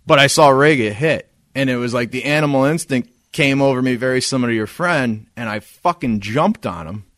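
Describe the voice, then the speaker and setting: On a dry, studio-quality recording, a co-host with a mid-range voice talks a little fast while recounting a story. He curses heavily and animatedly voices what others said, keeping the podcast chat casual.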